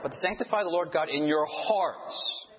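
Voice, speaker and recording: A man's voice: on the high side, unhurried. Man preaching in a reverberant hall. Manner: stammering restarts, playful asides. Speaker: pastor. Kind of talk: sermon with scripture recitation. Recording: dull audio with long hall reverb.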